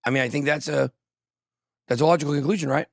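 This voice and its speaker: Here a crypto-show host reads the news in a loose, chatty way, joking, mocking himself and drifting into side topics. He talks fast in a slightly high, creaky voice with fairly even intonation. It's a dry, studio-quality recording.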